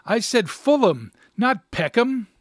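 A man's voice: a little high, animated, moderate pace, no room sound. A jovial, breezy married man hands out confident advice in a slightly raised voice, as a male reader puts him on. The sound is dry and close, with no room around it. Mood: exasperated.

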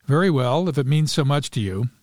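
A man reading the lines of a calm, cold and composed mistress in a story, speaking quietly. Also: medium pitch, a little fast, dry recording, clean studio sound, close to an everyday voice. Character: cool, composed scheming mistress, adult woman. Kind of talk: read-aloud story dialogue.

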